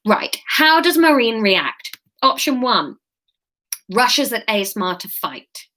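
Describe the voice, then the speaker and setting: A woman's voice: on the high side, very animated, slow, pushed and bright. A woman hosting an interactive live-stream story, reading it aloud and breaking off for chatty asides to viewers. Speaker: host and storyteller.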